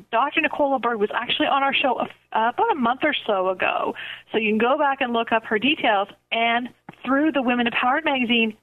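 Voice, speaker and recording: A middle-aged woman with a Canadian accent hosting a radio show, talking to listeners in an enthusiastic, gushing way. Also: a little high. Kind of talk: upbeat radio chat with promotions. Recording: phone-line quality audio.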